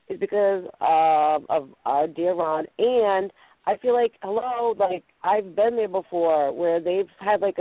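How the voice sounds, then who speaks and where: A woman's voice: mid-range voice, no echo. A woman with a New England accent hosting a casual chat show, playful and rambling with lots of fillers. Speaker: radio show host. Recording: tinny phone line, dry.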